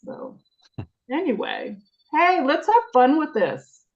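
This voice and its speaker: A woman on a video call, chatting casually and telling animated stories, acting out what people said. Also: sits high, slow pace. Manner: chatty, animated storytelling, acts out quotes. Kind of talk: casual chat. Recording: muffled video-call audio.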